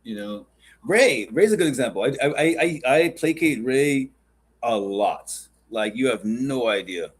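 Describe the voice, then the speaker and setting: A man's voice: mid-range voice, expressive, measured pace, husky. A man hosting a podcast, chatting casually in a rambling, joking and profane way. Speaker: podcast host.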